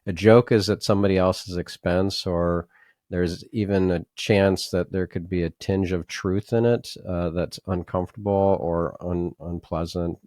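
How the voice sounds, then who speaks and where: A man hosting a podcast interview, asking questions in a slow, measured, hesitant way. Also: deep voice, fairly even intonation, a little mellow, dry recording, studio quality. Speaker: podcast host.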